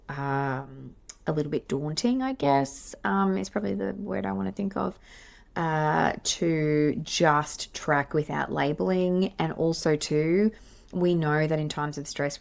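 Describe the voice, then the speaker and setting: An Australian play therapist hosts her podcast, teaching in a casual monologue that's chatty and self-deprecating, with many fillers and restarts. Her voice is low-pitched and gravelly, steady in tone and a little slow.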